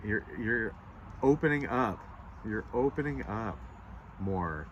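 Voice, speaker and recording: A man's voice: fairly low pitch, expressive, slow, lo-fi sound, a little hiss or hum. Earnest rambling man reading tarot outdoors. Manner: rambling, earnest, emotional, with many restarts. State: choked up, stuffy nose. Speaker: tarot reader. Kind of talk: casual spiritual tarot reading. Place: outdoors in nature. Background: birds and passing vehicles.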